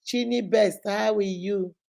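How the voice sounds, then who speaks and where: A woman's voice: medium pitch, steady tone, a little slow, creaky, a little mellow. A woman hosting a casual live stream, giving emphatic marriage advice and greeting viewers by name. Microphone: phone.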